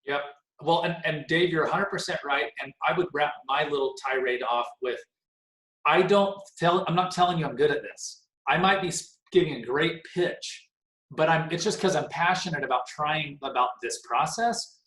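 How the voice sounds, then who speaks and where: A man in his forties leads a team meeting over a video call, talking in an animated, rambling way with a self-deprecating edge. His voice sits a little high and jumps around a lot in pitch. The call sounds roomy and echoey. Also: normal speed. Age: 40s. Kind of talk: casual motivational talk on a video call.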